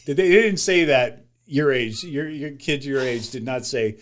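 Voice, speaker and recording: A man's voice: mid-range voice, moderate pace. A middle-aged man co-hosting a podcast, chatting casually with wry, jokey asides. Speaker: podcast co-host. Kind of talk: casual chat.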